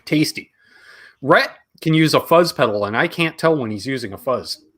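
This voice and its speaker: A Canadian man hosting a casual live-stream chat, animated and jokey with quick asides. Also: medium pitch. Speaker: host.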